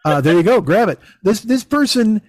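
A man's voice: high-pitched, normal speed, no echo. A middle-aged man hosting a podcast, rambling through stories with lots of swearing. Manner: profane, rambling, animated storytelling. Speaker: podcast host. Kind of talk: casual chat.

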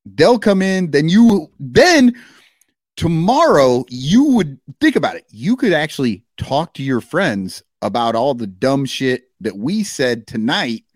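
Slow, animated, swearing male podcast host. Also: on the high side, no echo, studio quality. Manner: animated, profane, rambling rants. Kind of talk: casual chat.

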